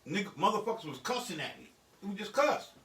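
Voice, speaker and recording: A man's voice: high voice, very animated, fairly quick, a bit bright. A middle-aged man, a beat producer, talking bluntly and profanely in a casual studio vlog. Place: home music studio. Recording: echoey room, mic at a distance.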